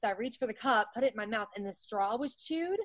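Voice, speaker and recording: A middle-aged woman telling stories on a podcast as a guest. She is animated and self-mocking and acts out what people said. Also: a little high, fast. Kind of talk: casual storytelling chat.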